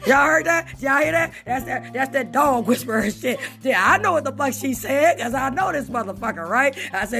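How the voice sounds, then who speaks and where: A woman hosting a podcast in casual chat, loud and profane, laughing often as she talks. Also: high-pitched, expressive, normal speed, gravelly, few pauses, faint music behind. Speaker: podcast host.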